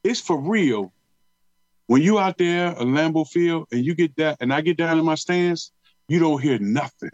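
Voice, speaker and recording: Slightly high and moderately paced, this man's voice comes through a muffled recording with no room sound. He's middle-aged, from Detroit, and retired from pro football, telling stories in a casual interview. He drawls, repeats his words often, talks slang, and narrates with real animation.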